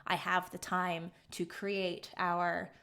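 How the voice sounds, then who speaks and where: A woman from the Southern United States with a light Southern American accent, hosting a stream as game master in excitable, bubbly casual chat. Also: lowish voice, slow pace, clear, resonant tone. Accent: light general Southern American. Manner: bubbly, excitable, laughs often.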